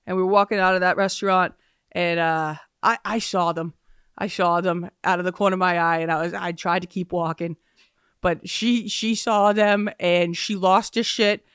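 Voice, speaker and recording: A woman's voice: lowish voice, fairly even intonation, normal speed, a bit bright, clear, resonant tone, no room sound. A woman hosting a casual podcast, rambling through stories with fillers and frequent laughs, recorded on a close studio mic. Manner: rambling storyteller, laughs often, many fillers. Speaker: podcast host. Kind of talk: casual solo podcast chat.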